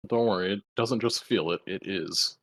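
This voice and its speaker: A tabletop game player with a very low male voice. He teases his friends in a dry, deadpan way. He speaks in plain casual chat. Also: moderate pace.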